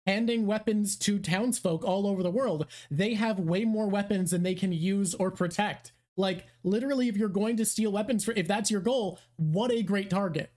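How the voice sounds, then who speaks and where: A woman's voice: medium pitch, moderate pace, hardly any pauses, a little mellow. A woman co-hosting a casual chat about an anime, blunt and wry, swearing freely.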